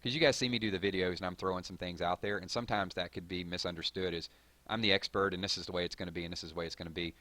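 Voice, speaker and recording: A man with a very low voice hosts a relaxed live stream from home, rambling from one viewer comment to the next. He talks loosely, full of "um"s and restarts, and the sound is close and dry. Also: racing, no echo. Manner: rambling and conversational, with frequent fillers and self-corrections.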